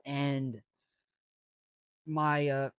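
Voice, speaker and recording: A man's voice: mid-range voice, flat delivery, drawn-out words, fairly bright tone, clear, resonant tone, no room sound. A young man casually telling a story, rambling with lots of fillers and restarts. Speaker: vlogger.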